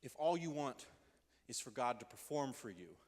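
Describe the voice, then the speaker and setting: A man's voice: medium pitch, moderate pace. A man preaching a casual youth sermon in a church, talking energetically and conversationally. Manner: energetic and conversational, acting out quotes in voices. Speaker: youth pastor. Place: church hall. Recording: long reverb of a large hall.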